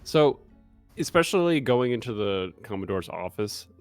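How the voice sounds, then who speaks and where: A man playing a tabletop game, chatting in a halting way as he explains his plans. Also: on the low side, sing-song, darkish tone, soft background music. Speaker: player. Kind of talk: casual tabletop game chat.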